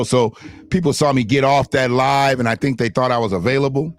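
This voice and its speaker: A man's voice: mid-range voice, fairly quick, no room sound. A man hosting an unscripted livestream, talking in a fiery, profane and emphatic way at a home streaming setup. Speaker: livestream host. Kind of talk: heated unscripted livestream rant. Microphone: desktop streaming mic in front of a green screen.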